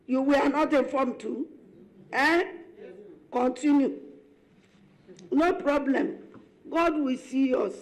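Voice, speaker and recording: Woman doing a wailing, high-pitched Nigerian First Lady. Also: fairly even intonation. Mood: scolding. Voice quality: drawn-out wailing, repeats "there is God, oh". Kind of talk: comedic impression skit.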